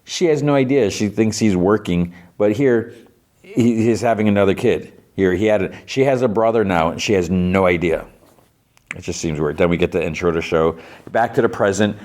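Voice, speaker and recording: A man hosting a podcast, casually retelling a TV episode in a rambling, filler-heavy way with quick asides. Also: on the low side, a little mellow. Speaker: podcast host recapping a TV episode. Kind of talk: casual recap.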